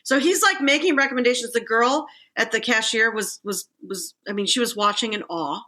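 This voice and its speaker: A woman's voice: a little high, brisk. A woman co-hosting a casual podcast chat, telling stories with lots of fillers and acted-out quotes. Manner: animated storyteller, acts out quotes. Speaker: podcast co-host.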